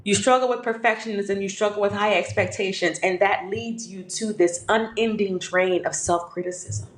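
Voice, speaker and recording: A woman's voice: medium pitch, steady tone, moderate pace, a little hiss or hum. A woman hosting a podcast, giving a motivational talk with emphatic, repeated affirmations and calling the listener "baby". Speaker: podcast host. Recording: echoey room.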